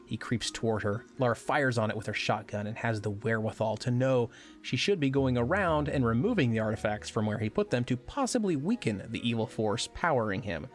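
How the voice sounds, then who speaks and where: A man co-hosting a podcast, reading a measured, wry scripted recap as the narrator. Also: medium pitch, expressive, faint music behind.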